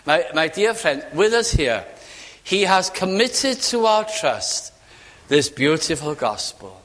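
An older man with a Welsh accent preaching a sermon with fervour, dropping from ringing declarations to hushed asides. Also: fairly high pitch, very animated, takes it slowly. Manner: fervent, swings between loud ringing lines and hushed asides. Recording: long hall reverb.

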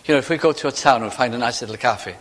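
A man preaching a sermon in a church, talking in a conversational way with rhetorical questions and slowing down to quote scripture. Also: mid-range voice, a bit bright. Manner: slows for scripture quotations. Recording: reverberant hall.

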